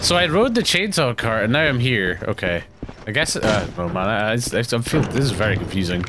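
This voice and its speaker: A young man giving rambling, casual commentary while playing a video game, often jumpy and quick to laugh. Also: fairly low pitch, big pitch swings, background noise. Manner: rambling, jumpy, breaks into panicked yelps and laughs. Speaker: let's play gamer.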